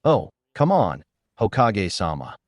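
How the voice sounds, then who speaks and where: A man voicing a boastful, loudmouthed teenage boy ninja. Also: on the low side, big pitch swings, a little slow, no room sound, studio quality. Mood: brash. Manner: boastful, barking.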